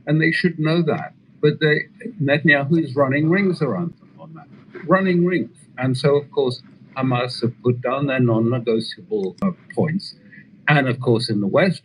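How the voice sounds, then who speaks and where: A man at a mid pitch talks over a faint hiss, dismissing the other side and mimicking their words with mocking emphasis. His commentary is steady and pointed. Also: poor audio. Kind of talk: political talk show commentary.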